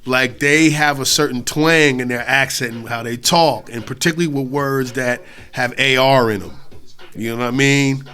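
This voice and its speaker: A middle-aged man from New York State hosting a hip-hop radio show, talking loosely between songs with slang, swearing and shout-outs. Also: mid-range voice, steady tone, normal speed.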